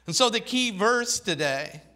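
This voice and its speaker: A man delivering a sermon at an unhurried pace, his voice bright and a little high for a man. He swings between soft, low-voiced phrases and raised, emphatic ones, and reads scripture aloud in old-fashioned wording. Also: lively intonation. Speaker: preacher.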